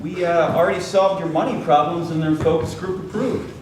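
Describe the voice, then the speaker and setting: A man playing a smooth, persuasive campaign consultant who steers the conversation in a comedy sketch. His voice sits slightly high for a man. The room echoes strongly and he sits back from the mic. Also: fairly even intonation, a little fast, a little mellow, recorded from a distance, a little hiss or hum.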